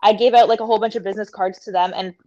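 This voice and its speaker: A woman's voice: mid-range voice, steady tone, racing, dark tone, no room sound. Emotional, cursing woman storyteller, dull dry sound. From Canada. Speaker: podcast guest. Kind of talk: casual podcast chat.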